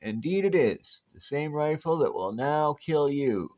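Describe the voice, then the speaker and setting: A man doing a gruff old prospector, slow drawl. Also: a little high, expressive, a little mellow, dull audio. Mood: menacing. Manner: folksy drawl, slow and gravelly. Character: grizzled old male desert prospector, gruff, later sinister.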